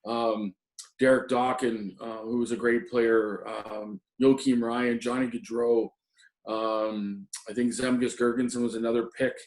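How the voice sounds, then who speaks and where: A man's voice: mid-range voice, flat delivery, measured pace. A middle-aged man, a former assistant hockey coach, reminiscing in an interview with many ums and restarts. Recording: roomy echo.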